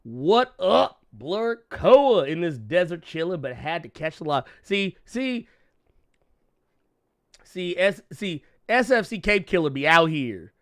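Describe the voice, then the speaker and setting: Lively laughing male podcast host, AAVE. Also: high voice, slow pace. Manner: laughs often, animated, slangy. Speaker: podcast co-host reading super chats. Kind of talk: casual comedic banter.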